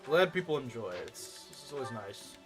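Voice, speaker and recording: Lively-pitched male streamer arguing with chat. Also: normal speed, music in the background. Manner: argumentative, answering chat comments. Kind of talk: casual game-stream chat.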